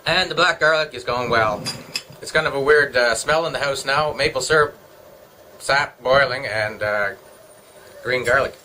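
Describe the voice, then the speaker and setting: Man, middle-aged, from Canada, bright tense voice, meandering joking chat, faint room hum. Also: mid-range voice, normal speed, rough recording. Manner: joking, meandering, talks to himself. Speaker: vlogger. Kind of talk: casual rambling chat. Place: home.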